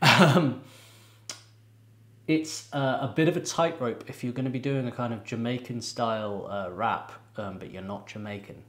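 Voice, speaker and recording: A man's voice: mid-range voice, reverberant. A man hosting a music reaction video, talking casually with frequent laughs, ums and restarts. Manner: chatty, laughs often, halting with ums and restarts.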